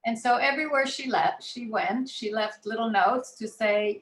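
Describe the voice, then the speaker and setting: A woman's voice: a little high, normal speed, hardly any pauses, a bit bright, echoey room, rough recording. A woman from Israel telling her family's story as a speaker, in an anecdotal, conversational way. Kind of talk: personal storytelling talk.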